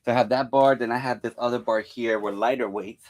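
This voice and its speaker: A young male fitness vlogger casually talks through a home workout, rambling with plenty of fillers and counting his reps out loud. He's out of breath at times, and his mid-range voice is fairly even and a little fast.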